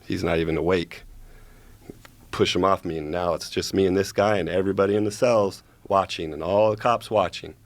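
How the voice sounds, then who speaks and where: A man's voice: deep voice, fairly even intonation, fairly quick, dry recording. A man casually telling a long story as a guest, profane and rambling, checking in with "right?" as he goes.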